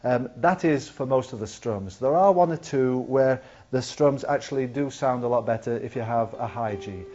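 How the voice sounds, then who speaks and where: A man's voice: mid-range voice, darkish tone. A man teaching the ukulele, explaining patiently step by step as he demonstrates. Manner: patient, counts beats aloud while demonstrating. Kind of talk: instructional lesson. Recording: slightly dull lo-fi video recording. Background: ukulele playing.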